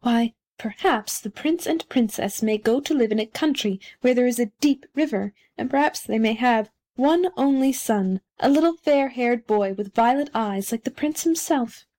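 A woman's voice: fairly high pitch, moderate pace, hardly any pauses, warm tone, close to an everyday voice. A woman voicing a pompous, conceited male firework rocket in a storybook reading, haughty and self-important. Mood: self-pitying.

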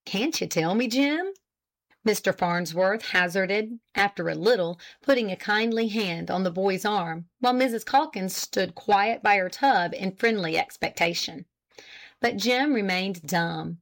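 An audiobook narrator with a mid-range voice reads an old novel aloud. Her storytelling is steady and measured.

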